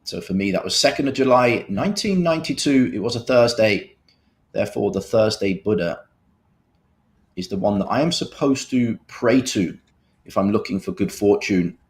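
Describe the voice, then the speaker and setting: A man's voice: fairly low pitch, lively intonation, normal speed. A man in his thirties with a Birmingham accent, doing live poker commentary with jokey, self-mocking banter. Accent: Birmingham English. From England. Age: 30s.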